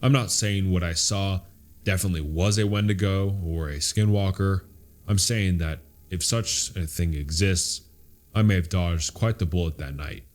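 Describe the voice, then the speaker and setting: A man reading horror stories aloud as a narrator, in a steady, measured storytelling style. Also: sits low.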